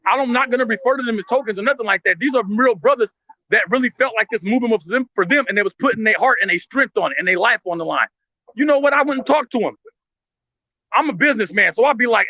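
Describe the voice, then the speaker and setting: A man holds forth in impassioned street commentary, blunt and full of profanity, tripping over restarts as he pushes his point. His voice sits very high and bright, and he talks quickly. The sound is dry and dull, lo-fi. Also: no room sound.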